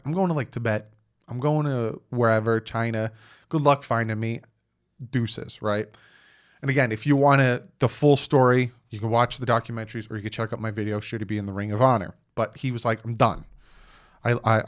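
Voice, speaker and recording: Animated young man recounting a sports story. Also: medium pitch. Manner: animated storytelling, acts out quotes, frequent "right?" asides. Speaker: sports channel host. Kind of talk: casual sports commentary vlog.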